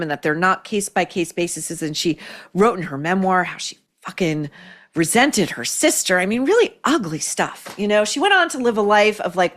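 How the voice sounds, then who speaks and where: Blunt, sarcastic woman podcast host. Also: lowish voice. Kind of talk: opinionated commentary.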